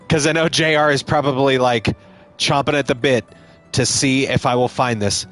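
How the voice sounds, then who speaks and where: A man's voice: medium pitch, fairly even intonation, a little slow, a bit bright. A man casually commenting on a game he streams live, joking and swearing, with game music behind.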